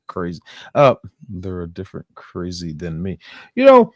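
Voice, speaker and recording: A male streamer reacts in an unhurried, profane, rambling way, laughing as he goes. His voice sits a little low but moves expressively, and the sound is dry. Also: wildly swooping pitch, a little mellow, no echo. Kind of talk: casual live-stream reaction.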